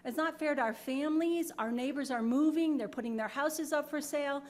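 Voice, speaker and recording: This New York resident talks a little fast in a high-pitched voice, making an emotional public comment at a town board meeting. At the podium mic, she is apologetic without backing down.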